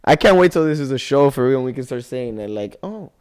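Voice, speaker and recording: A laid-back young man co-hosting a casual podcast, with a smooth, clean voice. He drawls and swears easily, sounding like he is just chilling. His pitch is in a middle range for a man. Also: lively intonation, fast, darkish tone. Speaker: podcast co-host. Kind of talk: casual chat.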